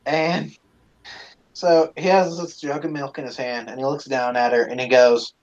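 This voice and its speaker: A man's voice: mid-range voice, flat delivery, normal speed, a little mellow. A man hosting a live stream, casually telling a rambling, profane story with plenty of swearing, on a dull lo-fi recording.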